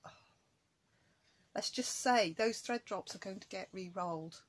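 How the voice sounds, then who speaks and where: A woman's voice: mid-range voice, a little slow. Chatty woman rambling about stitching. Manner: chatty, rambling, scolding her cat between asides. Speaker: cross-stitch vlogger. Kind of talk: casual chat to camera.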